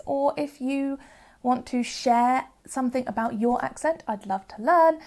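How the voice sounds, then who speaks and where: Woman from the UK teaching phonics. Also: high-pitched. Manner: clear, patient explaining, demonstrates sounds slowly. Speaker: phonics teacher and channel host. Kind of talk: educational video lesson.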